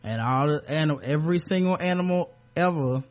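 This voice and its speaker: A man's voice: on the high side, fairly quick. A man hosting a comedic podcast in a casual, sarcastic, rambling way. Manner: sarcastic, joking, loose and rambling. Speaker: podcast host.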